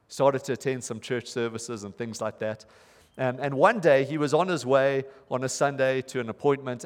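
A man preaching a sermon as pastor, telling a story earnestly and slowing down to stress his points. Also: mid-range voice. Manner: earnest, storytelling, slows for emphasis. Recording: reverberant hall.

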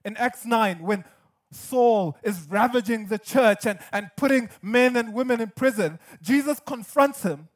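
A man's voice: extremely high pitch, unhurried. A man pastor preaching a sermon in an earnest, emphatic way, with repetition and light humor.

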